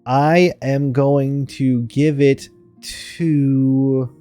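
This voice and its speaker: Chatty, mellow-voiced male streamer. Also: medium pitch, steady tone, drawn-out words, smooth, faint music behind. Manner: rambling, chatty, laughs often. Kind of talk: live game-stream commentary.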